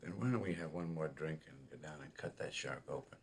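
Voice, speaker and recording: An actor playing a wary middle-aged male police chief in a film, speaking in a dry, low-key way. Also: fairly quick, a little hiss or hum.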